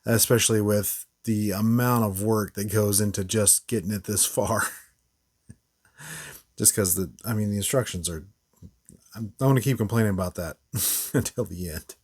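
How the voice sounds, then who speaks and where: A man's voice: fairly low pitch, unhurried, darkish tone, breathy edge. A man hosting a casual toy review, rambling with frequent fillers and short laughs. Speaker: toy reviewer, channel host.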